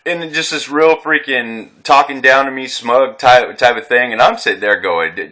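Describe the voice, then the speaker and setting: A man's voice: medium pitch, animated, a little slow, bright, forceful tone. A veteran man telling his own story in an unscripted vlog, rambling and agitated, swearing often and restarting his sentences. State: distressed.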